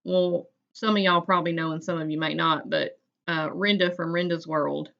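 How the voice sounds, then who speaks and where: A woman's voice: on the low side, fairly even intonation, normal speed, creaky, highs cut off. A woman, hosting a casual livestream chat and greeting viewers by name in a folksy way. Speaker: livestream host.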